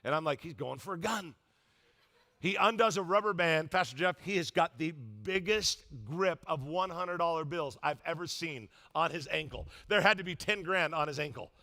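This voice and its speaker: A man's voice: fairly high pitch, moderate pace, few pauses, bright, forceful tone. A middle-aged male pastor preaching a sermon, telling a comic story with quoted voices.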